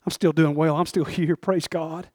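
A male preacher voicing a poor, sick beggar man who is humble and grateful and speaks softly and pleadingly. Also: a little high, little pitch movement, moderate pace, no room sound, clean studio sound, close to an everyday voice. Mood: quiet gratitude. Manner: soft, pleading, hushed.

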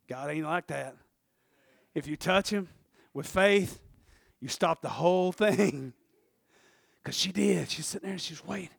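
A male preacher giving a lively sermon, laughing often and swinging from hushed tones to shouting. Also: high-pitched, unhurried, vocal fry, slightly rough, no echo, studio quality.

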